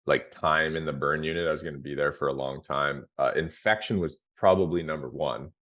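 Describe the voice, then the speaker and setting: Podcast guest, man, 30s, extremely low voice, frank laid-back storyteller. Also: fairly quick. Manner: relaxed, frank, peppered with fillers and restarts. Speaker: podcast guest, former pro hockey player. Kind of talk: candid conversational storytelling.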